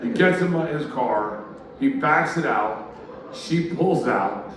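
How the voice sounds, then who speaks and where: A man's voice: mid-range voice, slow pace, slight background noise. A man telling a stand-up story, acting out the voices of the people in it. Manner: loud animated storytelling, acts out quoted voices, audience laughter. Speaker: stand-up comedian. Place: live comedy venue. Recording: loud roomy ambience, distant mic.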